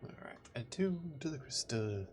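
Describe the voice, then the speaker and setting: Man, let's play commentary, casual, joking reactions, lively intonation. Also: medium pitch, normal speed, slight background noise. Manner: chatty, joking reactions to the game.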